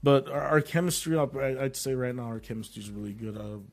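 A man's voice: medium pitch, quick pace. A young man, a comedian guest, telling a story in casual chat, filling his talk with "bro" and "like". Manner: animated, says "bro" and "like" constantly.

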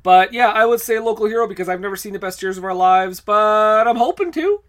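High-voiced chatty male podcast host. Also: fairly quick, fairly bright tone. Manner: chatty, laughing, restarts sentences. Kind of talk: casual film podcast chat.

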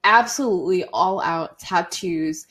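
A young woman in her twenties hosting a podcast, telling a personal story in a candid, animated way and swearing freely. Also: lowish voice, unhurried. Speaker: podcast host. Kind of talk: casual storytime monologue.

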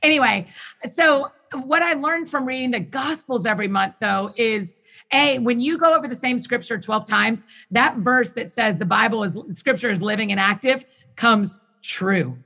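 A woman talking as a guest in a casual conversation, enthusiastic and quick in bursts, often restarting her sentences. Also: a little high, animated, vocal fry, sharp tone. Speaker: podcast guest who hosts her own show.

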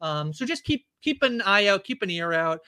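A woman's voice: mid-range voice, very animated, normal speed, pushed and bright, smooth, no room sound, studio quality. A woman co-hosting a podcast, chatting in an appreciative way with easy teasing. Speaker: podcast co-host. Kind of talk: casual podcast chat.

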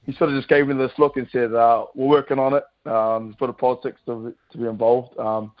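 This rugby player, a New Zealander in his thirties, chats as a radio guest in a mid-range voice that comes across flat and fast. The audio is narrow and tinny with a little hiss or hum, and his relaxed talk is packed with fillers.

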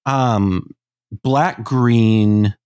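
A man's voice: mid-range voice, drawn-out words, darkish tone, clear, resonant tone, no echo, clean studio sound. A man co-hosting a casual podcast, talking thoughtfully with hedges and restarts. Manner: thoughtful, hedging, frequent fillers and restarts. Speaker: podcast co-host.

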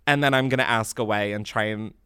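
A young man hosting a podcast, chatting casually and ranting with animated, profane exasperation. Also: fairly low pitch, fast talker, clear, resonant tone, no room sound, clean studio sound. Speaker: podcast host.

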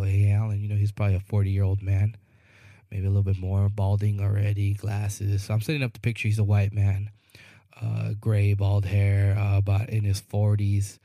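A man's voice: fairly low pitch, warm tone, no room sound, studio quality. A man co-hosting a podcast, telling a long rambling story in casual chat, often asking "you know what I mean" and acting out the people in it. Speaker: podcast co-host.

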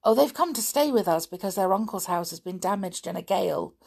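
A woman voicing an eager, bold schoolboy guide in a storybook reading, talking quickly and urgently. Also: medium pitch, expressive, gravelly, a little mellow, slightly rough. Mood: polite.

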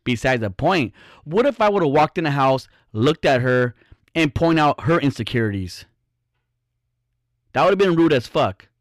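A man's voice: fairly high pitch, lively intonation, moderate pace, pauses often, no room sound, clean studio sound. Blunt, profane man ranting on his podcast. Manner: blunt and profane, rambling with restarts. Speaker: podcast host. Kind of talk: casual solo podcast rant.

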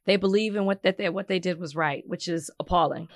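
A woman's voice: fairly low pitch, fairly quick, no room sound. Woman podcast host, blunt and teasing, dry close sound. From Southern US. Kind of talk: casual chat.

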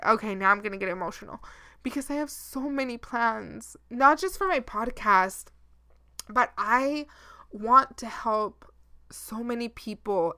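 A woman's voice: mid-range voice, fairly bright tone, no echo, clean studio sound. A young woman hosting her own podcast, chatting candidly and emotionally, now and then dropping in Spanish words. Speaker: podcast host. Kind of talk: casual solo podcast chat.

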